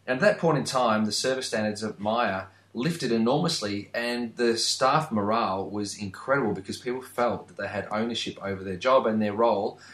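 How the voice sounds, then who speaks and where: A man's voice: lowish voice, normal speed, hardly any pauses, a bit bright, echoey room. A man, chatting earnestly as a podcast co-host. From Australia. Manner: earnest, emphatic, repeats phrases. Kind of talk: casual podcast chat.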